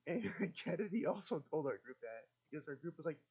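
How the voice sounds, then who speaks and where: A man's voice: on the high side, sing-song, fairly quick, a little mellow, slightly rough. A young man telling rambling stories in a casual chat, laughing and swearing as he goes, on a dull lo-fi recording. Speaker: guest answering questions.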